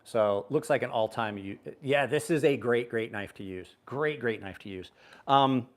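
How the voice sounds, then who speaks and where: A middle-aged man hosting a knife livestream, telling stories in a blunt, profane, animated way. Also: mid-range voice, moderate pace. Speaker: knife channel host on a livestream. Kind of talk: casual livestream chat.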